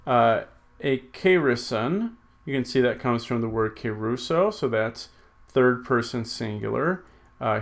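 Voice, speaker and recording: This medium-pitched, creaky male voice belongs to a Greek teacher recording a lesson. He types while thinking out loud, fixes his own mistakes, and leans on many fillers as he goes through exercises.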